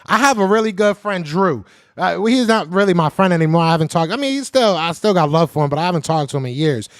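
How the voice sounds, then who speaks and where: High-voiced man ranting about his team. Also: no echo, clean studio sound. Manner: heated, trash-talking, repeats himself for emphasis; slangy and loud, calls out chat viewers. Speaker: podcast host. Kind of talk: live-stream sports rant.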